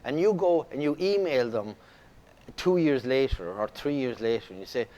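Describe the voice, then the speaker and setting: Middle-aged Irish actor, chatty guest, animated and rambling. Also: male voice, mid-range voice, moderate pace, muffled recording. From Ireland. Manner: animated storyteller, many restarts. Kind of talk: casual interview chat.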